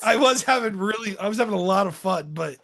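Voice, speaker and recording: A man on a podcast making quick wisecracks during casual chat. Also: high voice, expressive, vocal fry, fairly bright tone. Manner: wisecracking, quick jokey interjections. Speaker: podcast co-host.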